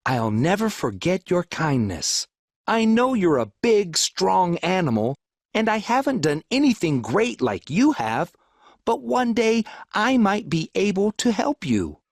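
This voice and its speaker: A man voicing a tiny, frightened, polite male mouse with a squeaky voice in a recorded storybook reading. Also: sing-song, a little slow, no echo, studio quality, full character voice. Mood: pleading.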